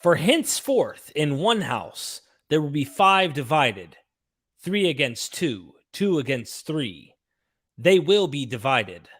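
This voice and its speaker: A man's voice: on the high side, big pitch swings, fairly bright tone, breathy edge. Man reading scripture with dramatic flair. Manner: dramatic oratorical reading with pauses.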